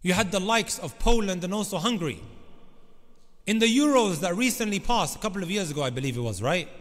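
A man's voice: high-pitched, lively intonation, fast, fairly bright tone. A man preaching a sermon, emphatic and often turning to address the congregation directly. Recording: long reverb of a large hall.

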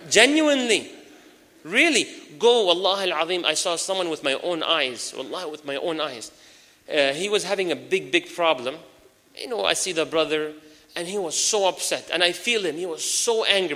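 Fast, bright-voiced preacher in a hall. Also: male voice, fairly high pitch. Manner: lively, addresses audience directly with Arabic phrases. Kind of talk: sermon. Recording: long hall reverb.

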